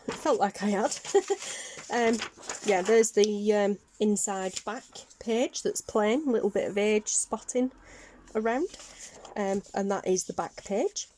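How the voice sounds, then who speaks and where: A Northern English woman talks through a casual craft show-and-tell. Her voice sits at an ordinary middle pitch. She rambles a little, fills gaps with ums and corrects herself as she goes. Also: warm tone, slight background noise. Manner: chatty, rambling, many ums and self-corrections. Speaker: craft vlogger.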